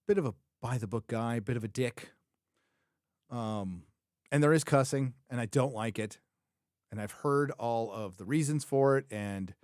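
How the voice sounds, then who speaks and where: A man with a mid-range voice hosts a live review show about a TV series, his studio-quality audio free of room sound. The commentary is casual and opinionated; he thinks aloud, rambles, often self-corrects, and echoes his own lines for emphasis.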